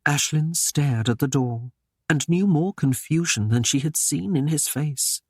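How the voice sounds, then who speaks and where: A man narrating a historical romance audiobook in a measured, even storytelling manner. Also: on the high side, husky, dry recording, studio quality. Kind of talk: scripted narration.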